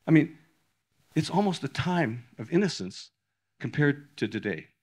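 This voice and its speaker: A man's voice: fairly high pitch, big pitch swings, unhurried, darkish tone, breathy edge. An older man lecturing to a live audience in a hall, talking emphatically with frequent restarts and self-corrections. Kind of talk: public lecture.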